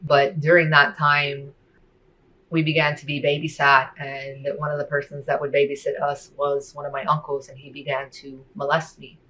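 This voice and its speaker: A woman telling her personal testimony in a soft, hesitant way, with many fillers. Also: deep voice, flat delivery, moderate pace, poor audio.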